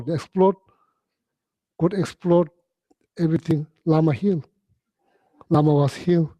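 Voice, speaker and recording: Mellow-voiced man telling teaching stories. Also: on the high side, dry recording. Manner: halting, repetitive phrasing with frequent "you know"; clears throat often. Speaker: Buddhist teacher. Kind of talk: storytelling dharma talk.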